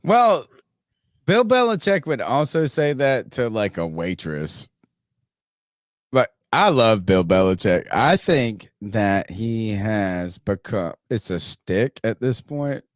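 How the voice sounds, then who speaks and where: Male podcast host, low pitch, animated swinging delivery, casual and profane, dry sound. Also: slow pace, dry recording. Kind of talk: casual sports chat.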